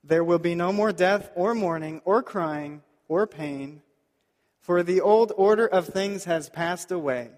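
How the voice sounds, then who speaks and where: A man preaching a sermon as pastor, earnest and pleading, slowing down to stress key points. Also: high voice, darkish tone, long reverb tail. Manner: earnest, pleading, slows down for emphasis.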